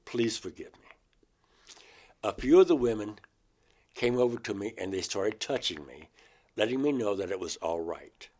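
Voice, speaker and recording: A man's voice: fairly low pitch, expressive, normal speed, a little mellow. A man from Georgia in the United States, an interview guest vividly and emotionally retelling a personal experience. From Georgia, USA. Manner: emotional, vivid retelling, acts out his own words.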